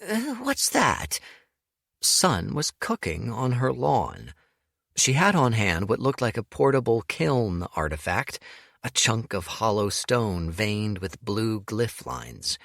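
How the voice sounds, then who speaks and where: A man narrating an audiobook in an expressive, storytelling manner. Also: fairly low pitch, takes it slowly, gravelly, dry recording, clean studio sound.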